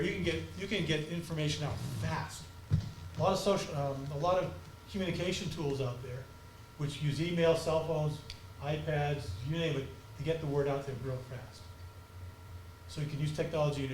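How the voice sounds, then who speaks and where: Passionate fast-talking man lecturing. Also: fairly high pitch, a little hiss or hum. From United States. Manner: fast, passionate, animated delivery. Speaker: lecturer on crisis communications. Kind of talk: conference talk. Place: auditorium. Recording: echoey auditorium from far off.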